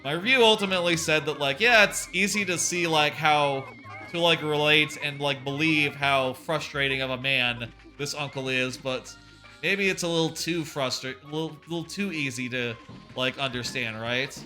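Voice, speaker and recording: Guy streaming a game, bright tone, rambly and swears a lot, soft game music behind. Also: on the high side, moderate pace. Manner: rambling, swears, many fillers, animated quoting. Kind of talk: casual gameplay commentary.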